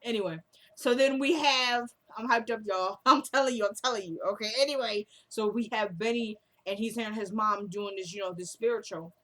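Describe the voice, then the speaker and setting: A woman vlogger giving an excited, casual recap of a TV episode, retelling scenes playfully. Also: mid-range voice, fairly quick.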